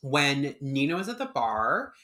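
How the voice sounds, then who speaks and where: A man co-hosting a film podcast, recapping and reviewing the movie in a relaxed, dry, casual way. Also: medium pitch, unhurried. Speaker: podcast co-host.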